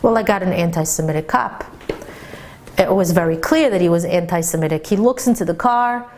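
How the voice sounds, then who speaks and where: A woman who teaches religious classes to women, telling a story in an animated, excited way and often stammering over repeated words. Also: on the low side, fairly quick, a little hiss or hum. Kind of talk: storytelling lecture.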